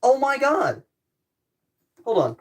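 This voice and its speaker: A woman's voice: high-pitched, big pitch swings, slow pace. Young gal streaming from her bedroom, chatty, mutters to herself while fixing stuff. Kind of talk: casual live-stream chat while tinkering. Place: bedroom at home.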